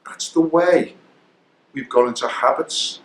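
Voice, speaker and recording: An older man, the founder of a coaching academy, giving an energetic motivational coaching talk that hammers home its key phrases. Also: medium pitch, unhurried, a little hiss or hum. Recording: roomy echo.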